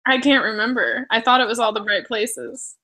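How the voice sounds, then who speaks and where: A woman's voice: on the high side, moderate pace, sharp tone, low-quality recording. A woman co-hosting a casual book discussion over a video call, upbeat and teasing, laughing easily. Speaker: book club co-host.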